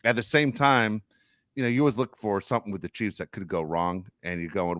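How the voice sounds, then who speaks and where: A man's voice: on the low side, fairly even intonation, a little fast, fairly bright tone, dry recording, studio quality. A man co-hosting a sports podcast, giving opinions in casual conversation. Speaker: podcast co-host.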